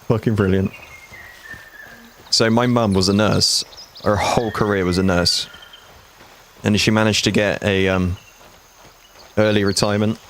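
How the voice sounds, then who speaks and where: Low-voiced streamer in his forties. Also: a bit bright, slight background noise. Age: 40s. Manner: blunt, chatty, swears freely, talks to chat. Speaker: game streamer. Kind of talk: casual live-stream chat.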